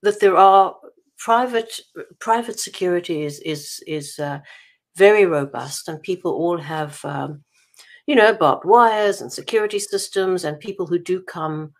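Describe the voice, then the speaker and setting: A woman's voice: lowish voice, a little slow. A woman from South Africa being interviewed as an author, talking in a chatty way with many restarts. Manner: chatty, many restarts and laughs while telling anecdotes. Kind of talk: casual interview over a call.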